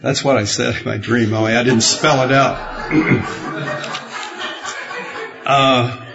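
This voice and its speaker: Male pastor, unhurried folksy sermon delivery with chuckles, lo-fi sound. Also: medium pitch, fairly even intonation, creaky, music in the background. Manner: rambling, good-humored storytelling with chuckles. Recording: dull, muffled lo-fi sound.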